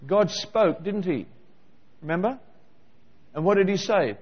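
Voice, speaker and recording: A man preaching a sermon, animated and constantly questioning his listeners. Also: sits high, unhurried, breathy edge, in a large hall, highs cut off. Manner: animated, questioning the congregation directly.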